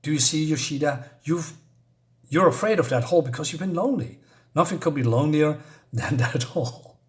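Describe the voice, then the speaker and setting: An uneasy young man in a horror tale, trying to sound calm and reassuring, as a man voices him during a retelling. His voice stays close to an everyday speaking voice. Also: fairly high pitch, fairly quick, lightly acted.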